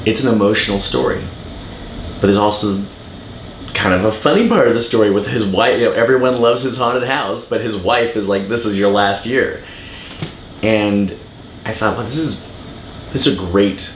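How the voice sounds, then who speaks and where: A man who directs documentaries, talking about his film in a casual interview, excited and emotional, acting out quotes in a bigger voice. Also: on the low side, moderate pace, roomy sound, a little hiss or hum, poor audio. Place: film festival.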